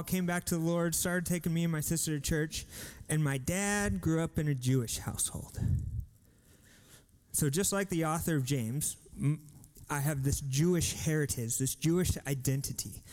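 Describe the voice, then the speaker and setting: A man's voice: a little high, fairly even intonation, darkish tone. A young man giving a casual, chatty sermon as a youth pastor, telling his own story with asides. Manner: reads words aloud slowly, chatty asides.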